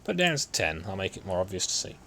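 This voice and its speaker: A man's voice: deep voice, very animated, fast talker, a bit bright, slight background noise. A man talking himself through a computer drawing in a casual, muttering way, with keyboard typing behind. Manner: muttering to himself, self-deprecating. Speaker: hobby modeller streaming CAD work. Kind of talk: casual talk-through while working.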